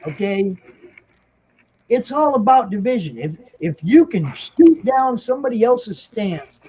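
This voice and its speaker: A man with a high, husky voice who makes his points emphatically and keeps checking in with "okay?". The recording sounds dull and lo-fi. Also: very animated, unhurried, warm tone. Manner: emphatic, lecturing, repeats "okay?". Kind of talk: casual chat.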